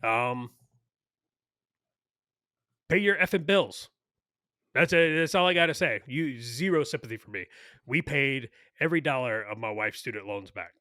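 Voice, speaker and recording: A man's voice: medium pitch, lively intonation, unhurried, long pauses, bright, forceful tone, no echo, studio quality. A man co-hosting a podcast, ranting bluntly and crudely in casual political chat. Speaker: podcast co-host.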